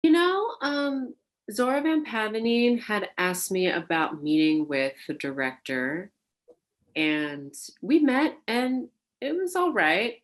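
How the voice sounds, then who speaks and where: A woman, a burlesque performer, recalling her life in an oral history interview, animated and laughing, with many fillers. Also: mid-range voice. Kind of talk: reflective interview storytelling.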